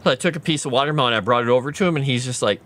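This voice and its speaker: A man's voice: medium pitch, rapid-fire, fairly bright tone, slight background noise. A man chatting casually on a livestream, rambling and answering viewers' chat. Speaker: streamer.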